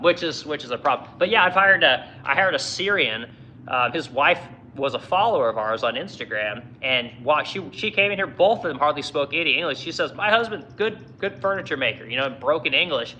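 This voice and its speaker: A man's voice: medium pitch, expressive, fairly quick, sharp tone, a little hiss or hum, poor audio. A man who owns a furniture business, ranting angrily and swearing constantly in a heated monologue. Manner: profane, angry, heated. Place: furniture workshop in Missouri.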